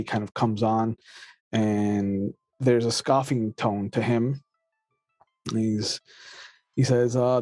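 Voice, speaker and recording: A man narrating as game master of a tabletop game, slow and halting with frequent filler sounds. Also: medium pitch, a little mellow, no echo.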